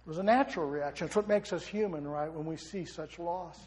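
A man's voice: a little high, a little fast, darkish tone. A middle-aged male pastor preaching a sermon with passion, asking his listeners question after question. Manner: impassioned preaching with rhetorical questions. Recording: long reverb of a large hall.

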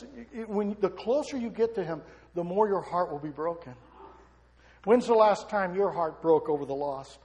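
A man's voice: high voice, normal speed, a little mellow. A middle-aged male pastor preaching a sermon with passion, asking his listeners question after question. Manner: impassioned preaching with rhetorical questions. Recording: long reverb of a large hall.

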